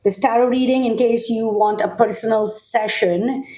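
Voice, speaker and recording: A woman talks through a collective tarot reading in a direct, reassuring way. Her voice sits on the higher side. She keeps checking in with "okay?" as she goes. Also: steady tone, moderate pace, dark tone. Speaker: tarot reader.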